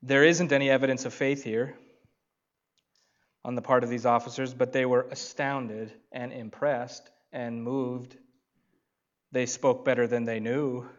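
Pastor, male, mid-pitched, emphatic sermon delivery with slow pauses, slightly dull lo-fi sound. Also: steady tone.

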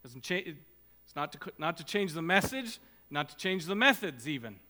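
A man's voice: a little high, very animated, moderate pace, bright, forceful tone. A man preaching a sermon as pastor, urging his listeners on with earnest, repeated exhortations. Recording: long hall reverb.

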